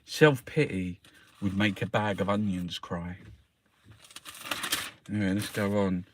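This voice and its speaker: A man's voice: sits low, unhurried, background noise. A man ranting scornfully through a newspaper review, swearing constantly. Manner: sweary, scornful, animated rant. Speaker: political vlogger.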